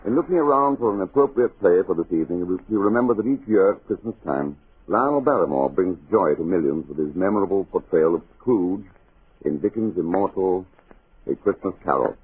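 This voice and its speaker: Deep suave radio host. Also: male voice, expressive, fairly quick, breathy edge. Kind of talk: formal radio introduction. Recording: tinny old radio broadcast.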